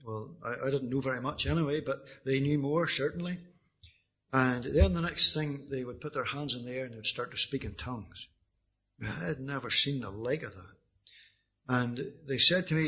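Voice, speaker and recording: A man's voice: medium pitch, lively intonation, a little fast, breathy edge. A man with a Northern Irish accent giving his personal testimony as a sermon, earnest and often restarting his words. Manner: earnest, with frequent restarts and repetitions. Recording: dull lo-fi recording.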